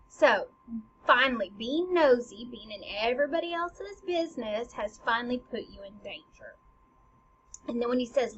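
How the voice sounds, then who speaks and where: A woman teacher casually explaining a play with lively, chatty talk. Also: a little high, normal speed, muffled recording, a little hiss or hum. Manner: lively, casual, with fillers and acted quotes.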